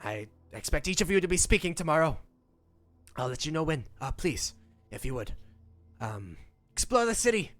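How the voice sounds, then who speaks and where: A man voicing a small, gravelly male gnome official who is eager and a little pompous, with a habit of saying "yes, yes.". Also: fairly high pitch, very animated, normal speed, fairly bright tone, soft background music. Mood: businesslike. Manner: fussy, repeats "yes, yes".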